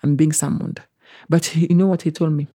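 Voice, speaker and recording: A young Kenyan woman recounting a personal story in an interview, animated and acting out other people's voices, slipping into Swahili phrases. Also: low-pitched, fairly quick, breathy edge, no echo, clean studio sound. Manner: animated, acts out quoted voices, mixes in Swahili. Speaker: interview guest.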